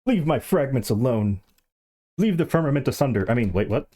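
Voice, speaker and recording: A man's voice: mid-range voice, fairly quick. A man streaming a game, chatting casually and animatedly to the players with him. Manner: animated, yelps and laughs, chats to other players.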